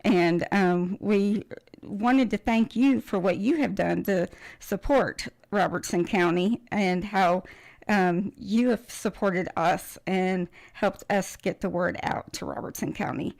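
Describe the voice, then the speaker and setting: A woman guest on a local radio show, explaining her organization in a measured way with some ums. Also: medium pitch, vocal fry, a little mellow. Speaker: guest, nonprofit representative. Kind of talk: radio interview. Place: radio studio.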